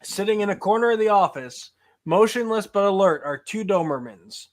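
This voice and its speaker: A man's voice: high voice, lively intonation, normal speed. A man hosting a podcast, casually reading a choose-your-own-adventure book aloud. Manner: casual, laughs between lines. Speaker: podcast host.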